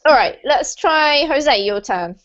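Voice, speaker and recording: A woman's voice: high voice, animated, slow, a bit bright, highs cut off. British woman teaching pronunciation online. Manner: encouraging, explains patiently, light laughs. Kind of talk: online group lesson. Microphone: video call.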